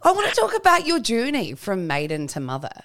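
Animated young woman hosting a podcast. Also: mid-range voice, brisk. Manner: lively, laughs often, asks short questions. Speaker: podcast host. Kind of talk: casual interview chat.

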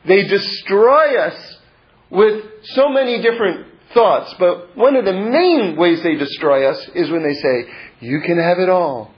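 A man teaching Torah in a loose, conversational way, with rambling asides and stretches where he drops low and mutters. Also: big pitch swings, unhurried, dull audio. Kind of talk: informal Torah lesson.

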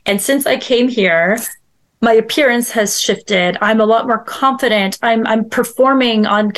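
A woman's voice: a little high, measured pace. A woman who is a guest astrologer, chatting casually and animatedly, often saying "like" and acting out little voices in her stories. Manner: animated storyteller, acts out voices, filler "like". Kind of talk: casual chat.

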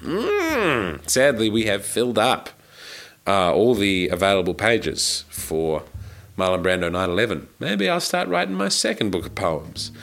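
Gravelly, sick-sounding Australian man. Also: lowish voice, sing-song, unhurried, a bit bright, faint music behind. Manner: wry, self-mocking, meandering. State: sick, congested voice. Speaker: podcast host. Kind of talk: rambling casual monologue.

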